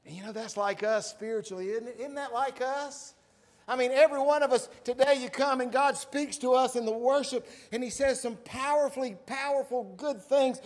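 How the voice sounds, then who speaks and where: Pastor guy preaching, high voice, lively storytelling, does little voices for people. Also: a little fast. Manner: animated storytelling, acts out voices. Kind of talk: sermon.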